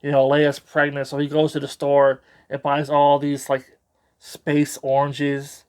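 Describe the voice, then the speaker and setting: A man's voice: a little high, completely flat delivery, measured pace, a little mellow, clean tone. A man giving a casual, rambling spoken book review with a sarcastic edge.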